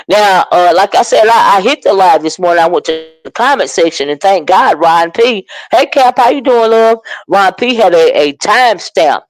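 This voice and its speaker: A man hosting a casual livestream, chatting about online drama and greeting viewers in the chat with drawn-out exclamations. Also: medium pitch, no echo, low-quality recording. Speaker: livestream commentary host. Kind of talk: casual livestream gossip commentary.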